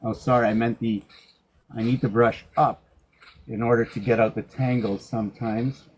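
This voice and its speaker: A middle-aged man grooming a dog, talking to it in a soft, coaxing way and joking with himself as he works. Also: mid-range voice, flat delivery, normal speed, a little hiss or hum, rough recording. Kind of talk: rambling talk to a dog while grooming.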